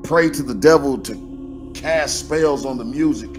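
A man hosts a conspiracy podcast in a loose, colloquial voice that sits at an ordinary middle pitch. He is emphatic and keeps firing questions and exclamations at himself. Faint music plays quietly behind him. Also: measured pace. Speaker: podcast host. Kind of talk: animated conspiracy commentary.

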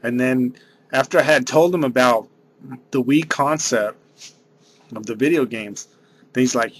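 A man's voice: mid-range voice, unhurried, long pauses, slight background noise. A man, rambling through a casual vlog monologue and saying "dude" a lot. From San Diego area. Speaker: vlogger.

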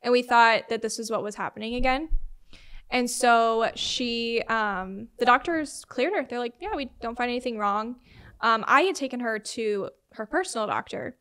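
A woman's voice: on the high side, normal speed, fairly bright tone, clean tone. A young woman guest in an interview, telling a family story in a conversational way, full of "like" and "um" fillers and quoted dialogue. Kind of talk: personal storytelling in a sit-down interview.

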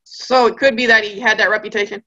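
A woman's voice: mid-range voice, fairly even intonation, fast talker, pushed and bright, dull audio. A woman giving a conversational Bible study lecture, with joking asides and acted-out characters.

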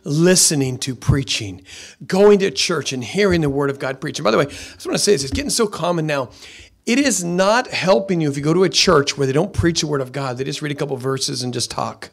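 A man's voice: a little high, expressive, a little fast, creaky. A man preaching a sermon as pastor, emphatic and given to repeating phrases.

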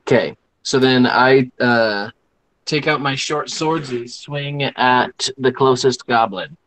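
A man's voice: medium pitch, slow pace, fairly bright tone, slight background noise, rough recording. A man playing a tabletop game, describing his moves step by step. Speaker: player. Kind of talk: casual game chat.

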